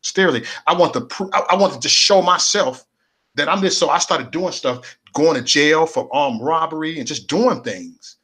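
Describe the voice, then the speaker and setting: A middle-aged man from Chicago tells his life story as a personal testimony, animated and repeating himself, acting out other people's voices. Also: on the high side, normal speed, breathy edge. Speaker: speaker sharing his testimony.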